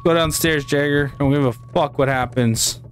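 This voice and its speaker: A man gaming with friends in loose, casual chat, quick to panic and yelp when something scares him. His voice sits fairly high and he swears freely. Game music plays clearly behind him. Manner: excitable, swears a lot, yelps when scared. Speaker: gamer playing with friends.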